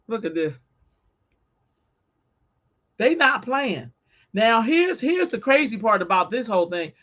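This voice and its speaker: A woman's voice: on the high side, big pitch swings, a little slow, fairly bright tone, highs cut off. A woman co-hosting a podcast in casual chat, talking bluntly and emphatically with plenty of profanity. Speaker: podcast co-host.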